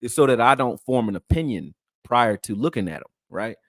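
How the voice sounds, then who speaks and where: A man hosting a casual sports talk show, talking in slang and swinging from loud high exclamations to low mutters. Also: animated, fairly quick, dry recording, clean studio sound. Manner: slangy, conversational.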